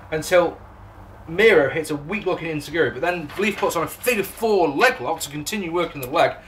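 A man's voice: a little high, fairly bright tone, slight background noise. A man with an English accent, recapping and reviewing a wrestling show in a rambling, sarcastic way, swearing and laughing at his own jokes. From England. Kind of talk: casual recap and commentary.

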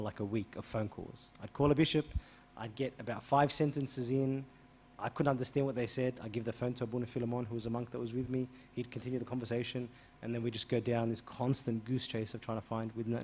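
A man, a priest answering an interview by telling a story, acting out the dialogue and getting louder as it heats up. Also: a little fast, a little hiss or hum. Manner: animated, re-enacts dialogue with rising pitch and volume.

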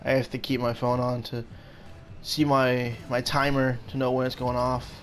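A man hosting a gaming channel, giving casual commentary on his own play and blurting out quick reactions and short shouts. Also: medium pitch, little pitch movement, a little hiss or hum. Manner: talks to his opponent and himself.

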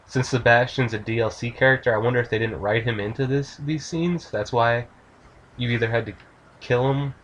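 A let's play host, a man, tossing off casual and profane commentary that turns excitable. His voice is mid-pitched and unremarkable. A faint ambient hiss runs underneath. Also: a little fast.

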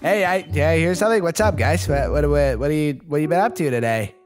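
A man's voice: a little high, fast talker, close to an everyday voice. A man voicing a clueless, sweet young boyfriend who stammers and rambles. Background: background music.

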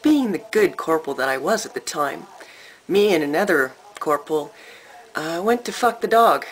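A woman telling a story to camera in an animated, emphatic way, with dramatic pauses. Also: low-pitched, low-quality recording. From Canada. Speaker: vlogger.

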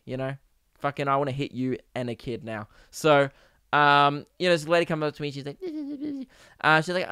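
Smooth-voiced ranting comedian. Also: male voice, on the high side, fast, a bit bright, dry recording, clean studio sound. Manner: ranting, swears often, acts out quoted people. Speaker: stand-up comedian and show host. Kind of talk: casual comedic monologue.

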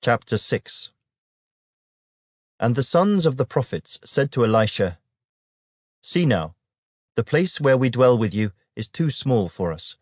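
A man reading scripture aloud in a measured, solemn narration. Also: medium pitch, lively intonation, darkish tone, no echo, studio quality. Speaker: Bible reader.

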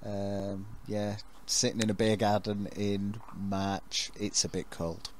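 A man co-hosting a podcast in casual chat, low-key and dry. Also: flat delivery, slow pace, slight background noise. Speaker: podcast co-host.

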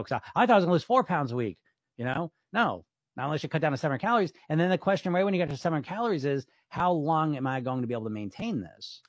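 A man's voice: fairly high pitch, a bit bright, no room sound, clean studio sound. A man reading viewer comments aloud on a livestream and answering them bluntly and skeptically, swearing casually and laughing often. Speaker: weight loss coach on a livestream.

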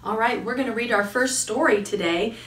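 A woman's voice: fairly high pitch, a little fast, a bit bright, husky, poor audio. A woman librarian leading a toddler storytime outdoors, coaxing the children along in a sing-song voice and imitating animal sounds.

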